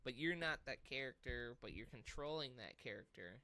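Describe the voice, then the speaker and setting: A man co-hosting a casual gaming podcast, telling stories in an animated, profane way. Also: medium pitch, moderate pace. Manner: animated storytelling with swearing and laughs. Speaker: podcast co-host.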